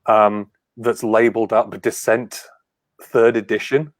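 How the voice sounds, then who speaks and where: A man's voice: lowish voice, a little slow, dry recording. A man co-hosting a casual chat, telling stories with lots of acted-out quotes. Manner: animated storyteller, acts out quotes. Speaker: podcast co-host.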